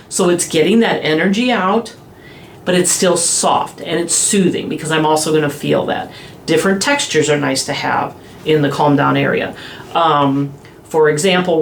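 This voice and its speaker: A woman specialist in children's behavior explaining calming strategies in a podcast interview, slowing down gently when she models soothing phrases. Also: sits low, a little hiss or hum. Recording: echoey room with faint ambience.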